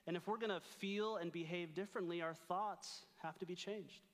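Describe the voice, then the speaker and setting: A man's voice: sits high, fairly even intonation, normal speed, a bit bright, long reverb tail. A young man giving an earnest, playful talk at a retreat as a campus ministry speaker. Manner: earnest, playful, reads scripture aloud. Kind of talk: sermon-style talk at a retreat.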